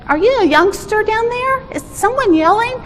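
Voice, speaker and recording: A woman's voice: very high-pitched, animated, normal speed, pitched above the performer's own voice. A woman doing a curt, dismissive passerby woman. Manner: brushing off, curt. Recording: echoey hall with faint noise.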